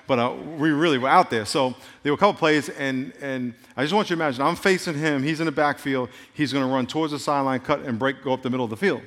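Animated preacher man in a reverberant hall. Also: medium pitch, quick pace, few pauses. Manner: animated storytelling with playful jokes. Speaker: pastor. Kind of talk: sermon.

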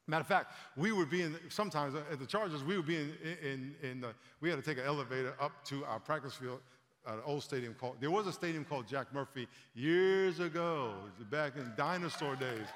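A man in his fifties preaching a conversational sermon to a congregation, animated and storytelling, often repeating words as he talks. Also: on the high side, a little fast. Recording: long hall reverb.

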